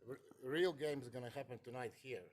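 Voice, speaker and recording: A fighter at a press conference, a man answering his rival in calm, short, halting sentences. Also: medium pitch, slight background noise. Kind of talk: press conference trash talk.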